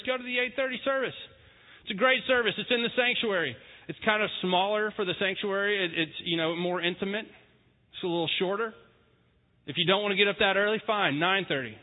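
A young male pastor preaching a conversational sermon, with a joking, easygoing manner. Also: sits high. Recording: tinny phone-like sound with long reverb.

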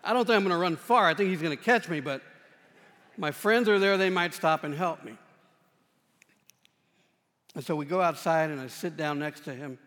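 High-voiced pastor preaching in a reverberant hall. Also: male voice, normal speed, pauses often. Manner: conversational, self-deprecating, swings between loud and hushed. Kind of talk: sermon with personal storytelling. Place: church sanctuary. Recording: long reverb of a church hall.

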